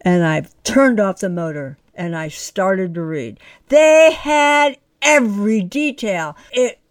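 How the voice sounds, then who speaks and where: A woman's voice: mid-range voice, slow pace, dry recording. A woman author being interviewed, who talks in an emphatic, exuberant and outspoken way. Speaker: author guest. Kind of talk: conversational interview.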